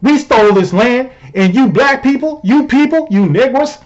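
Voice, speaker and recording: A blustering Southern good ol' boy , as a man puts him on, hollering in a twangy, put-on Southern drawl. His voice rides high. The sound is dull and lo-fi. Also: normal speed.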